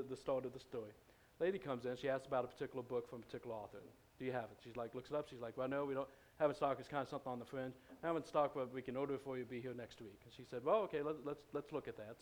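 A man's voice: mid-range voice, a little mellow. A man preaching in a church, telling a story in a loose, conversational way, with many fillers and restarts. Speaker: pastor. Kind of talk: storytelling sermon.

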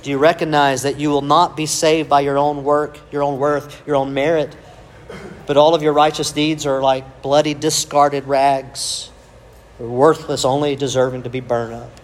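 A man's voice: a little high, level tone, normal speed. A male pastor, preaching a sermon with emphatic rhetorical questions and calls of amen.

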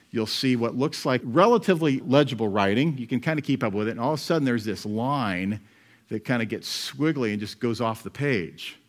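A middle-aged man, a pastor, preaching an expository sermon in a conversational way, with rhetorical questions and asides to the congregation. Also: fairly low pitch.

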